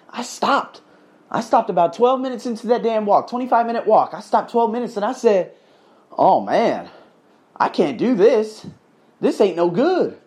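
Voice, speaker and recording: A man hosting a podcast, telling a personal story in a rambling motivational monologue, swearing casually and talking straight to his listeners. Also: high-pitched. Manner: rambling, animated, swears freely, addresses listeners as guys. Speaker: podcast host.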